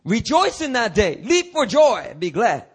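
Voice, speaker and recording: A male pastor with a very high, husky voice preaches unhurriedly and with great animation. He chats candidly with his congregation in asides and breaks into dramatic, rising cries.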